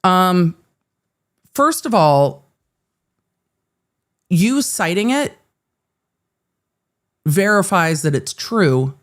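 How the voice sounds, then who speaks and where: A woman's voice: on the low side, big pitch swings, drawn-out words, long pauses. A woman hosting a live-streamed legal commentary show, reading court filings aloud and breaking in with sarcastic, exasperated asides.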